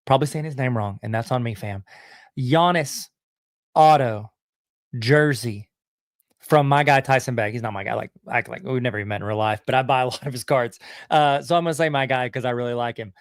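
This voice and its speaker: A man's voice: mid-range voice, brisk, no room sound, clean studio sound. A middle-aged man with a Southern US accent hosting a podcast on a live stream, talking in a casual, slangy way with lots of fillers and restarts. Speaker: podcast host.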